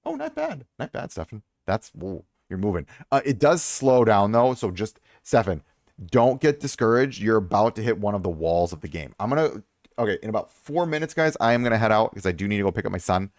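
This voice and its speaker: A man's voice: on the low side, expressive, a little fast, no room sound, studio quality. A young adult man chatting casually on a live stream, reviewing viewers' game accounts and repeating himself for emphasis.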